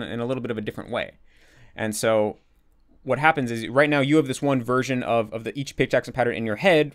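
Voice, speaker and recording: A man hosting a casual Q&A, explaining at length with many restarts and repeated words, and acting out his own thoughts as quoted asides. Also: mid-range voice. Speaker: language-learning channel host.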